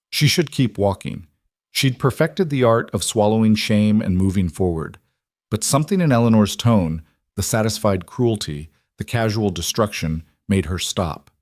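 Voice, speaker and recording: A man narrating a story in a steady, even storytelling manner. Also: on the low side, no room sound, studio quality. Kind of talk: scripted narration.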